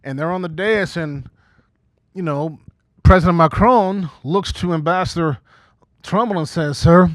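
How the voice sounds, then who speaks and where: Dry-voiced stand-up comic over forty. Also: male voice, a little high, measured pace, no room sound. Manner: conversational, frequent "okay?" asides, acts out quoted voices. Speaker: stand-up comedian and emcee. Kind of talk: stand-up comedy set. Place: small community TV studio stage before a live audience.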